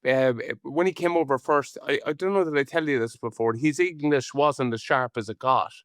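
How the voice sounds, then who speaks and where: A man's voice: medium pitch, fairly bright tone, no room sound, studio quality. Chatty Irish man on a podcast. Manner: chatty, rambling, with quick laughs and restarts. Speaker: co-host, former rugby player. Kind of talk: casual podcast chat.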